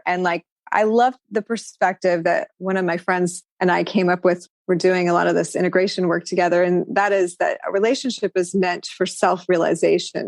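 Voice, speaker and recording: Reflective woman with a low, dry voice. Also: darkish tone, dry recording. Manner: reflective, spiritual, speaks in flowing run-on thoughts with many "like"s. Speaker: podcast guest. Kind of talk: casual conversational interview.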